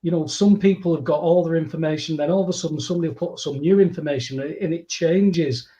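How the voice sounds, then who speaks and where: A man talking casually as a guest, his voice pitched a little high. He chats in a loose, digressive way, full of "you know" and "uh". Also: fast talker, warm tone, rough recording. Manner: chatty and digressive, with many fillers. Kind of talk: casual chat.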